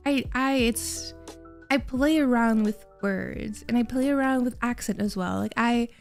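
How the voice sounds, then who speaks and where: A woman's voice: on the high side, a little slow, vocal fry, soft background music. A young woman from Quebec, a native French speaker with a mild Quebec French accent, chatting casually with her stream viewers and laughing often. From Quebec, Canada.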